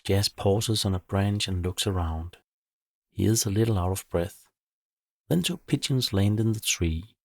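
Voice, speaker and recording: A man calmly narrating a bedtime story for children in a measured way. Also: fairly low pitch, dry recording, clean studio sound.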